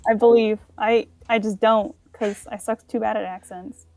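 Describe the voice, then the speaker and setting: A woman's voice: fairly high pitch, fairly even intonation, normal speed, a little mellow, no room sound. A woman playing a tabletop game, chatting casually and unsure with many fillers like "I guess". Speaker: player.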